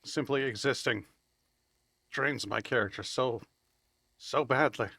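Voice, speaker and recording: A man streaming a video game live, chatting casually and rambling as he plays, swearing freely and laughing loudly at chat. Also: medium pitch, measured pace, vocal fry, dry recording. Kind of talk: live gameplay commentary.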